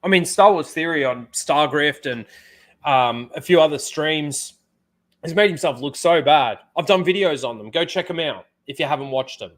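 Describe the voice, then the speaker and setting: A male livestream host talks in a slightly high voice, loose and rambling. He is blunt and swears casually as he chats with his viewers. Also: expressive, moderate pace.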